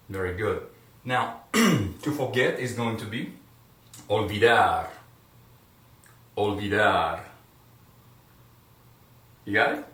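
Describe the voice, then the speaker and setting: A man teaching a video lesson, encouraging his viewers and loudly drilling words for them to repeat. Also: medium pitch. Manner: encouraging, loud drilled repetitions. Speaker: Spanish teacher. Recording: echoey room, voice from a distance.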